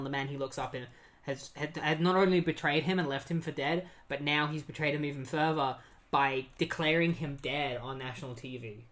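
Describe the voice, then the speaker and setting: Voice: mid-range voice, a bit bright. A laid-back host walks through a comic storyline in a loose, conversational way. Fillers pop up constantly, and quoted dialogue is read without much acting. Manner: chatty, many "like" and "um" fillers, reads quotes in a plain voice. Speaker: comic book retrospective host. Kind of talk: casual comic recap.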